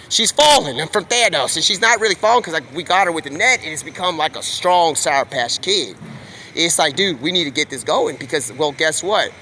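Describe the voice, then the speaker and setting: A man with a high, bright voice rambles on in casual slang, leaping from one idea to the next with excitable energy. He is outdoors, with faint street and vehicle noise behind him. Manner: excitable, slangy, jumps between topics. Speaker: live streamer. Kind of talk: rambling stream-of-consciousness monologue.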